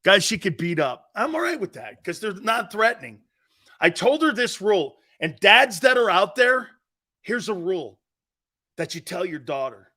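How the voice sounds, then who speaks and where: A middle-aged man hosting a sports talk show, telling a family story with loud laughs and acted-out quotes. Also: high-pitched, moderate pace. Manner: excitable, laughs loudly, acts out quotes.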